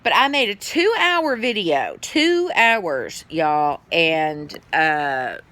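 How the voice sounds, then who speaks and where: A woman's voice: deep voice, big pitch swings, extremely slow, sharp tone. A tired middle-aged woman, chatting casually to her phone camera in a rambling way, yawning and swearing now and then. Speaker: vlogger.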